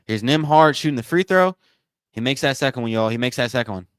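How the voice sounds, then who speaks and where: A man's voice: mid-range voice, expressive, fast, smooth, dry recording, clean studio sound. A man hosting a live watch party stream, giving loose play-by-play commentary and talking straight to his viewers. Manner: casual, repetitive, addresses viewers as y'all.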